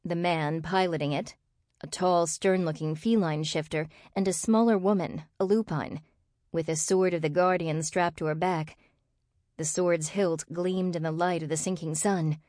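A woman reads a novel aloud in a measured storytelling voice that sits on the low side. She is recorded on a close studio mic with no room sound at all. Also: steady tone, darkish tone, no room sound. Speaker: audiobook narrator. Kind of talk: scripted narration.

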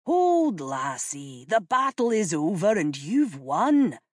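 A woman voicing a charming, rakish earl who speaks in a gentle, teasing way. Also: fairly low pitch, sing-song, takes it slowly, no echo, clean studio sound, voice pushed up, exaggerated voice.

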